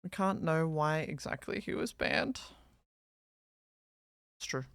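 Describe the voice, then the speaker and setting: A woman's voice: deep voice, expressive, takes it slowly, vocal fry, fairly bright tone, no room sound, studio quality. A young Australian woman streaming, chatting casually with a guest, playful and teasing with plenty of swearing. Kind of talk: casual chat.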